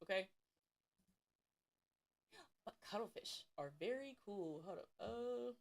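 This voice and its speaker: A woman's voice: medium pitch, lively intonation, takes it slowly, pauses often. A woman from Ohio chatting casually on a stream, swearing freely and repeating emphatic warnings. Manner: profane, emphatic, repetitive warnings. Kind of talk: casual livestream chat.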